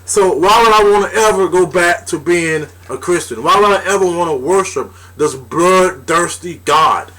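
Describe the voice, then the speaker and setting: Young male vlogger, slightly high voice, blunt and indignant, swears often. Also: moderate pace, hardly any pauses, bright, forceful tone. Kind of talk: casual vlog rant.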